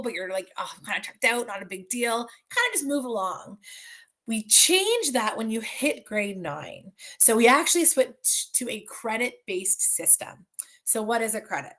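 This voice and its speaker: A woman's voice: a little high, fairly bright tone. A woman with a Canadian English accent, a school board facilitator giving a friendly, chatty presentation on a video call, with many fillers and restarts. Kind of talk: virtual information session presentation.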